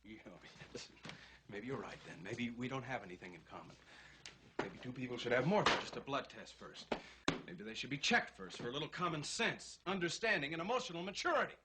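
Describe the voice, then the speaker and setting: An actor playing a wry, exasperated young husband and lawyer, with a husky voice and dry, teasing delivery in a 1960s film comedy. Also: male voice, mid-range voice, sing-song, brisk, background noise, natural voice. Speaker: husband in a marital argument.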